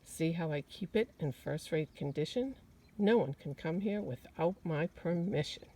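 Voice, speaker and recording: A woman's voice: sits low, moderate pace, mellow, distant mic. A woman voicing a proud, bossy male gardener in a read-aloud picture book, speaking boastfully. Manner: boastful, self-satisfied.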